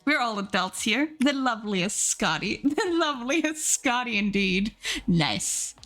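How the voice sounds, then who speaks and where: A woman's voice: fairly high pitch, animated, a little slow, fairly bright tone. A young woman streamer chatting casually, giggling and reading her chat aloud.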